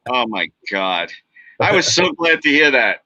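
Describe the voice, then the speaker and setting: A man from the United States, co-hosting a casual football chat and ranting with animated, teasing energy. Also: mid-range voice, a little slow, no echo. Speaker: co-host.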